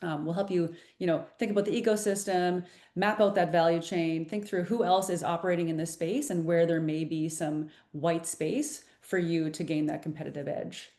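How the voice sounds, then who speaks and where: Vrouw met lage stem presenteert webinar, galmende ruimte. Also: female voice, on the low side, steady tone, moderate pace, mellow, roomy sound. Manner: explanatory, many fillers and restarts. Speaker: program presenter.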